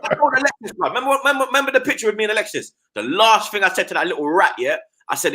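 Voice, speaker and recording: A man holds forth on football in casual live-stream chat, his voice jumping up and down with lively swings. His tone is bright and punchy, and he throws in street slang and tag questions constantly. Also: high voice, very fast, few pauses. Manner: animated, slangy, repeats tags like "blood" and "you get me". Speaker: football fan pundit.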